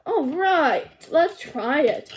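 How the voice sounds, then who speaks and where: A woman's voice: high-pitched, expressive, slow pace. A woman voicing an eager young male firefighter pup in a noisy home recording, speaking with breathless wonder. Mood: amazed.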